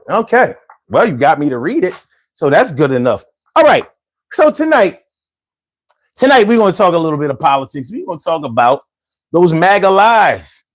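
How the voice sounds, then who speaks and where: A man hosting a casual livestream, reading chat and talking in street slang, swinging from low mutters to loud exclamations. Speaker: livestream host. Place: home.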